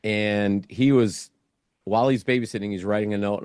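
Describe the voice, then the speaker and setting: Low-voiced man telling a story. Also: normal speed, clear, resonant tone, no room sound, studio quality. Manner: animated storyteller, acts out his own thoughts. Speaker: guest. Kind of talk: casual interview storytelling.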